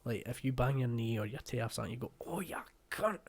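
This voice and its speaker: A man's voice: mid-range voice, flat delivery, rapid-fire, creaky, darkish tone. A man with a West of Scotland accent hosting a reaction video, talking casually, swearing bluntly and joking.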